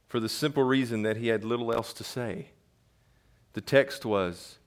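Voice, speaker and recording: A middle-aged man preaching from the pulpit in a mid-pitched voice. He reads the testimony aloud at a measured pace and often rises into loud, emphatic peaks. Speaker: pastor. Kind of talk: sermon reading a quoted testimony.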